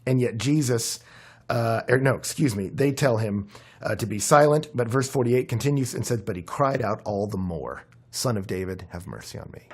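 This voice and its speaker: Hoarse man preaching a sermon. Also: mid-range voice, normal speed. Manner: conversational, animated preaching with many fillers. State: hoarse, voice worn out. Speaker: pastor.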